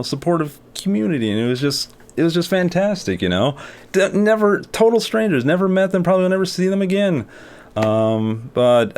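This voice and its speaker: A man's voice: medium pitch, darkish tone, clean tone. A young man telling a story in a casual vlog, rambling with many fillers and restarts. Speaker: artist and video creator.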